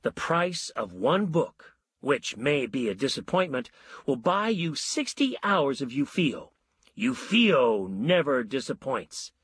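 A man voicing a pushy, fierce advertising man who talks in an emphatic sales pitch. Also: sing-song, slow, a bit bright, slightly rough, dry recording, clean studio sound, exaggerated voice.

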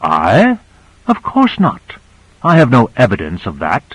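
A man's voice: medium pitch, huge pitch swings, measured pace, slightly rough, no echo, heavily acted, poor audio. A male narrator voicing Michaels, a wry, melancholy man who probes with dry, knowing remarks. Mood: probing. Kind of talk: audiobook character reading.

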